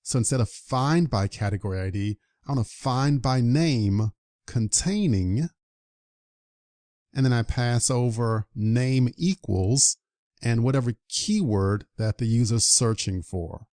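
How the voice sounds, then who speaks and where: A man's voice: mid-range voice, expressive, unhurried, a little mellow, no echo. Upbeat man narrating a coding tutorial. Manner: upbeat, walks through each step aloud. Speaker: programming instructor. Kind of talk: screen-recorded coding tutorial.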